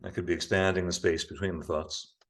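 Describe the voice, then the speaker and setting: A man teaching a yoga class over a video call, giving calm, unhurried cues for breathing and poses. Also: deep voice. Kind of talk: guiding a live online yoga class.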